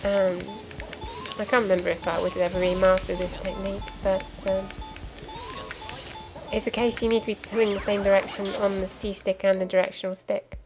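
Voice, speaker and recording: Brisk and flat in a mid-range voice, a young woman narrates her gameplay casually, explaining things in a chatty way with many ums and asides. The recording is rough, and game music plays clearly in the background.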